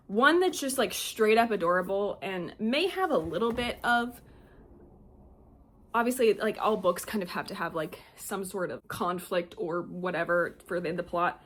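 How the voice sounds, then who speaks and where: A young adult woman chatting casually as a book vlogger, bubbly and gushing, rambling with lots of fillers. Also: medium pitch. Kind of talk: casual chat.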